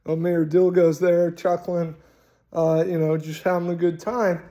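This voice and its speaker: A man hosting a casual, rambling talk on tabletop role-playing, animated and full of swearing. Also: fairly high pitch, measured pace. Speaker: host.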